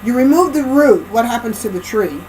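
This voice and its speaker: A woman's voice: fairly high pitch, animated, fairly quick, a little mellow, a little hiss or hum, low-quality recording. A woman speaking in a rambling spiritual lecture monologue, emphatic, often restarting and repeating phrases, checking in with the listener as she goes.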